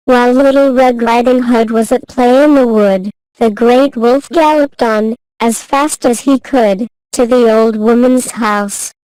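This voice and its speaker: Slow, clear woman reading a fairy tale. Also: fairly high pitch, dry recording, poor audio. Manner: slow, careful and even reading. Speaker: storyteller. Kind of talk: scripted fairy tale narration.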